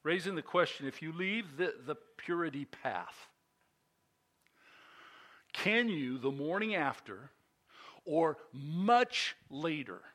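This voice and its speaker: An older man preaching a sermon, telling a personal story in an animated, chatty and self-mocking way, with fillers and restarts. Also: on the high side, slow, pauses often. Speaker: pastor.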